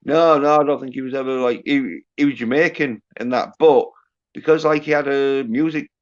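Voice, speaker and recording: Halting man on a stream call. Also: medium pitch, steady tone. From United Kingdom. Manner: halting, filler-heavy, profane. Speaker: livestream guest. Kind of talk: casual chat. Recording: dull lo-fi stream audio.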